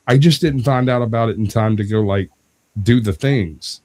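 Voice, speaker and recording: A man's voice: mid-range voice, moderate pace. A young man casually telling a long family story, laughing often and acting out the people he quotes. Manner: animated, laughs often, acts out quoted voices. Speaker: debate show guest.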